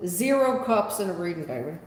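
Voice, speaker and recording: A woman gives a live tarot reading, sarcastic and scolding in a folksy way. Her fairly low voice is sing-song and fairly quick, heard in an echoey room with long reverb.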